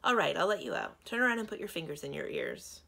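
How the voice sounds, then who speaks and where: A woman voicing a brisk, demanding young princess in a children's storybook. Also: sits low, sing-song, vocal fry, sharp tone, full character voice.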